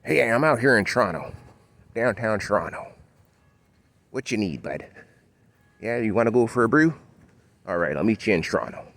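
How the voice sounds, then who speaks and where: A man putting on a stereotypical laid-back Toronto guy who calls everyone bud, loud and friendly. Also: lowish voice, lively intonation, moderate pace, long pauses, pitched above the performer's own voice. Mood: friendly hearty.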